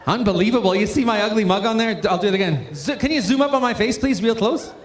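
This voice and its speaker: A man's voice: high voice, fast. A man from Northern Ontario hosting a conference, joking and rousing the crowd with call-outs. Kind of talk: energetic event hosting. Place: large conference hall. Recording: echoey hall with faint room noise.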